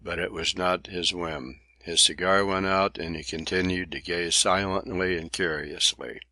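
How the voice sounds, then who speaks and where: A man narrating a classic adventure novel as an audiobook, in measured, literary storytelling. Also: low voice, steady tone, pushed and bright, no echo. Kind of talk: scripted narration.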